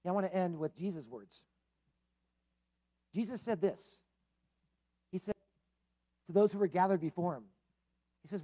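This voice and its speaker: A man preaching a sermon as pastor, swinging between loud emphasis and soft low tones, with casual asides like "man" and "uh". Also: normal speed, pauses often.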